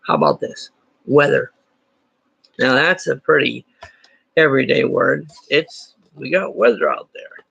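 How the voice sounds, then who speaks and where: A man's voice: mid-range voice, very animated, a little slow, vocal fry, long pauses, a bit bright, husky, no room sound. A man teaching a playful lesson, full of jokey, self-deprecating asides. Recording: dry, dull lo-fi sound.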